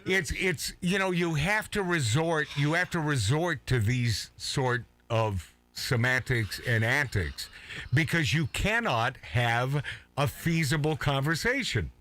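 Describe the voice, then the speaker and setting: Rambling, excitable male radio host. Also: fairly high pitch, slow. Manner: rambling, emphatic, repeats words. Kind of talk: casual radio show banter.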